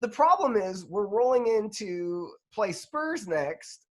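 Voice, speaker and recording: A man's voice: high voice, sing-song, slow pace, fairly bright tone. A man co-hosting a podcast, chatting casually about football in a rambling, self-deprecating way. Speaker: podcast co-host.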